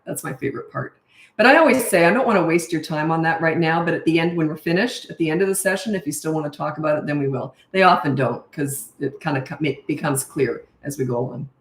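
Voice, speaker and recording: A woman's voice: sits low, fast. A middle-aged woman coaching parents in a blunt, emphatic way, laughing at herself now and then. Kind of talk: casual advice monologue. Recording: echoey room.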